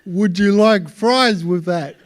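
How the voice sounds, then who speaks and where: A man with an Australian accent doing stand-up comedy for a live audience, with a halting delivery full of repeated words. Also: high-pitched. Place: live stage before an audience.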